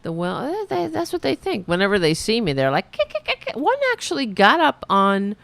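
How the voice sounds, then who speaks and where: A woman hosting a livestream show, telling stories in a sarcastic, animated way with casual profanity. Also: medium pitch, normal speed, creaky, no room sound. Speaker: show host.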